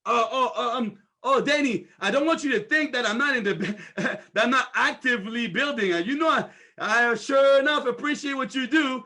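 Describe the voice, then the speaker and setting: A man's voice: very high voice, moderate pace, sharp tone, exaggerated voice. A man doing a stammering, flustered slacker. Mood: sheepish. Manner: stammering, nervous laughing excuses. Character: flustered, evasive man caught slacking on his business.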